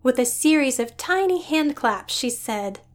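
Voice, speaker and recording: A woman's voice: high voice, moderate pace. Woman narrating a story. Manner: even, descriptive storytelling.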